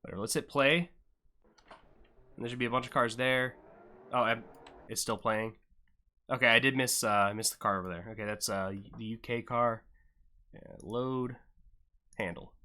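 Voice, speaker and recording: Young male stream host; bright, punchy tone, loose joking commentary, pokes fun at himself. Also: medium pitch, steady tone, normal speed, long pauses. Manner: joking banter with chat, self-deprecating. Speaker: livestream host and event commentator. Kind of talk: casual live-stream commentary.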